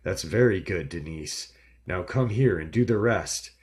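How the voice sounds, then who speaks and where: A man voicing a wealthy man in a horror story, coaxing and then urgently calling out, close to his own deep voice. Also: lively intonation, unhurried, darkish tone. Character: pleading, increasingly desperate wealthy man.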